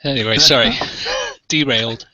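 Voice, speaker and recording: A man's voice: medium pitch, normal speed, bright, forceful tone, highs cut off. A man on a casual podcast who jokes around playfully. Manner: joking, playful.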